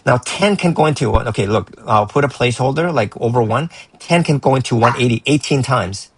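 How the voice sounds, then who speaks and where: A man's voice: medium pitch, husky, no echo, low-quality recording. A man tutoring math and going over a student's work, encouraging and rambling, often restarting his sentences.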